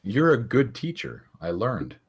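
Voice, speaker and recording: A man's voice: fairly low pitch, wildly swooping pitch, measured pace, slightly rough. A man co-hosting a live game design stream, teasing his partner and reading viewer messages aloud. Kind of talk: casual chat.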